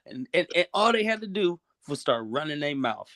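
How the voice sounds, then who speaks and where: A man appearing as a guest on a casual live-stream chat, talking in a measured, easygoing way. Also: a little high, sing-song, a bit bright, dry recording. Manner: measured, easygoing, drops "word" and "you know what I mean".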